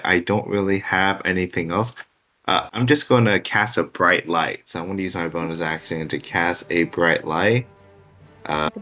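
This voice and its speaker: A man's voice: low voice, pushed and bright. A man playing a tabletop game, hesitant and swearing, often stopping to correct himself. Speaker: player.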